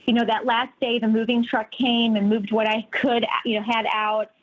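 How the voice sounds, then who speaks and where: Woman interview guest; animated storyteller with a fairly high voice. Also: normal speed, lo-fi sound. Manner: animated, voice jumps high when re-enacting moments. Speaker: interview guest, business founder.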